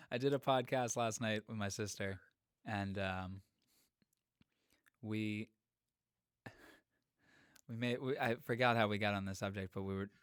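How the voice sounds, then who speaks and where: A man's voice: fairly low pitch, animated, slow, long pauses, clear, resonant tone, no room sound, clean studio sound. A man co-hosting a podcast in casual chat, loose and jokey, often restarting his sentences. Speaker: podcast co-host.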